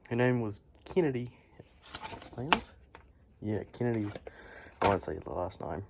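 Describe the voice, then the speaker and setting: Filming himself on his phone in a garage, a young man rambles through a casual vlog chat, swearing often. His voice sits on the low side with vocal fry and big pitch swings at a normal speed, and the recording is very noisy.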